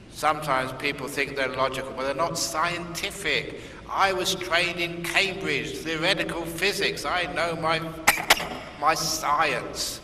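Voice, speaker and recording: Man, monk teaching, storytelling with humor, bright voice, distant mic, long hall reverb, faint room noise. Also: fairly high pitch, slow. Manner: humorous storytelling, laughing at his own jokes. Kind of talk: dharma talk. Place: Singapore, large hall. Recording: echoey hall from far off, faint ambience.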